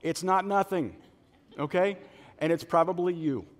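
A man's voice: sits high, moderate pace. A middle-aged male pastor preaching a sermon in a church auditorium, telling stories and acting out the voices of the people in them. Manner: animated storytelling, acts out quoted voices. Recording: long hall reverb.

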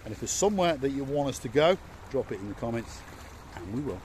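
A man's voice: mid-range voice, very animated, quick pace, darkish tone, a little hiss or hum. A man hosting a vlog, giving a playful walking-tour commentary outdoors on a seaside promenade and repeating words for emphasis. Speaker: vlog host and tour guide.

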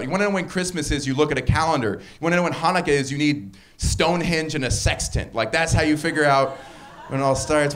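A man performing a stand-up comedy set on a club stage, talking wryly and jumping his voice up for punchlines. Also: fairly high pitch. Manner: wry and animated, voice jumps up for punchlines.

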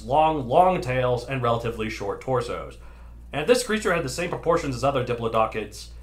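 A man's voice: mid-range voice, a bit bright. A young American man hosting a casual podcast, rambling and hedging with frequent self-corrections. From United States. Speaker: podcast host.

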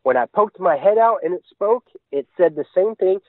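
A man's voice: sits high, animated, normal speed, no room sound. A man recounting a frightening encounter in casual storytelling, earnest and run-on, chaining events together. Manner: earnest, tumbling run-on retelling. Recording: tinny dry phone line.

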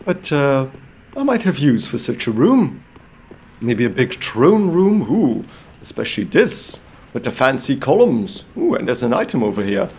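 Male gameplay commentator from Belgium; theatrical, gallant in-character banter, lively swooping pitch, unhurried delivery. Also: husky. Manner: theatrical, playfully gallant, comic outbursts. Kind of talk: in-character let's-play commentary.

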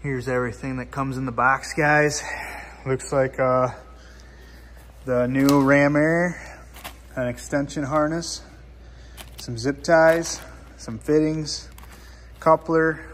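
Excitable man in a reverberant garage. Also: mid-range voice, slow, long pauses, a little hiss or hum. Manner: excitable, casual, blunt. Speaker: car vlogger. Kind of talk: casual install walkthrough.

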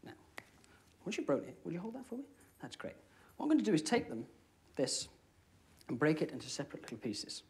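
A young British man performing comedy magic, chatting with a volunteer and dropping deadpan one-liners. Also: on the high side, quick pace. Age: young adult. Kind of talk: comic magic patter. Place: TV studio with live audience. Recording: studio audience noise behind.

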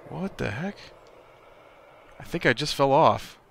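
A man's voice: medium pitch, animated, measured pace, creaky, a little hiss or hum. A man hosting a let's play, giving casual gameplay commentary in a chatty way, reacting aloud to the game and laughing often.

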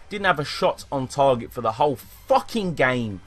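A young British man commentating live on his own football video game, excitable and swearing at the play. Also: mid-range voice, normal speed, slight background noise. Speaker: gaming YouTuber.

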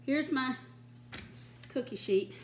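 A woman's voice: high-pitched, takes it slowly, reverberant, a little hiss or hum. An older woman hosting a home cooking show, chatting in a folksy way and giggling often. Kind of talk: casual home cooking demonstration. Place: home kitchen.

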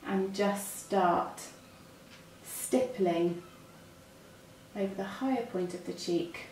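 A woman's voice: medium pitch, slow, a little mellow, slight background noise. British woman making up a client. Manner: chatty, explains each step as she works. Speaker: makeup artist. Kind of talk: makeup demonstration. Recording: echoey room, mic a bit far.

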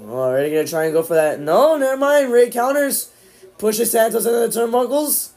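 A man streaming live, casually calling the action play-by-play, with sudden excited outbursts. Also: very high-pitched, fairly quick. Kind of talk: live watch-along commentary.

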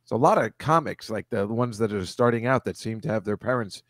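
A man's voice: on the low side, brisk, dry recording. A middle-aged man, a comedian, chatting on a live stream video call. He laughs often and wanders through long anecdotes, and his sound is close and dry. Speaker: comedian guest. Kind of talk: casual chat on a live stream.

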